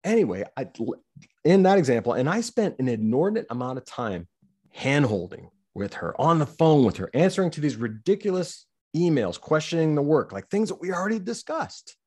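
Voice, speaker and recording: A man's voice: on the high side, big pitch swings, a little fast, darkish tone, husky. A middle-aged man, a business-owner guest, telling a story candidly and bluntly, swearing freely. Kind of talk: conversational storytelling.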